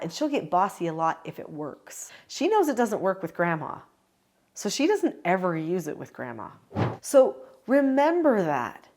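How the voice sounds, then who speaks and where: A woman's voice: medium pitch, a little mellow. An older woman who is a parenting educator, giving firm, instructive advice straight to the camera. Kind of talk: direct-to-camera advice talk.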